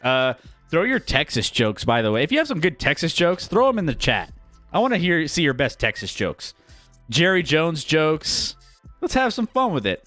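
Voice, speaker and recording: A man's voice: fairly high pitch, a bit bright, no echo. Upbeat rambling sports show host man. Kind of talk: casual sports talk show.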